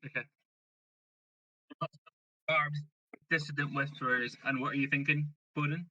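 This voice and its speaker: A man's voice: on the high side, little pitch movement, unhurried, sharp tone, no echo, muffled recording. A man narrating as game master of a tabletop role-playing game, telling the story steadily and quoting characters plainly.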